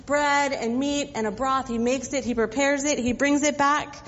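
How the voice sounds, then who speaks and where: In a church sanctuary, a woman pastor gives a sermon, retelling the story conversationally with casual asides to the congregation. Her voice is high, steady and fairly bright at normal speed, though the audio is dull with long reverb.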